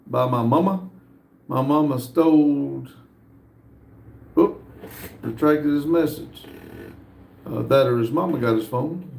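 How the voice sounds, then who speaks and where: A man hosting a live stream, casually reading viewer comments aloud with frequent hesitant pauses. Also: fairly high pitch, gravelly, a little mellow, reverberant. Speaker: livestream host reading viewer chat.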